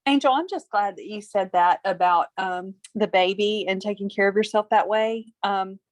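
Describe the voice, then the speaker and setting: A woman's voice: mid-range voice, normal speed, dry recording. A woman, a pharmacist, sharing personal reflections on a group video call in an earnest, heartfelt way. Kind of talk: personal sharing in casual talk.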